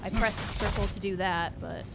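A woman streaming a video game, chatting casually with her viewers and reacting excitedly to the fight. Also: medium pitch, moderate pace, gravelly, noisy background. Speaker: gaming streamer. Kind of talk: casual live gameplay commentary.

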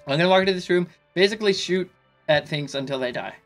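A slightly drunk man giving casual let's play commentary, excitable and swearing in sudden panicky outbursts. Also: sits high, fast, faint music behind. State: tipsy. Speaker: gaming YouTuber.

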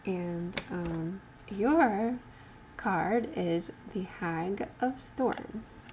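A woman giving a casual tarot card reading, mixing gentle talk full of fillers and restarts with passages read from the cards. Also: mid-range voice, extremely slow, slight background noise.

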